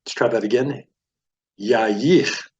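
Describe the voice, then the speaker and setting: A man teaches a beginner reading lesson in a steady mid-range voice. He explains each sound patiently and step by step. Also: mid-range voice, a little slow, dull audio. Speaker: Hebrew teacher.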